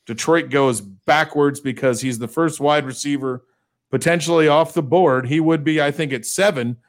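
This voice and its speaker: A man's voice: fairly high pitch, normal speed. A man co-hosting a casual sports podcast, posing questions in a conversational way. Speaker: podcast co-host.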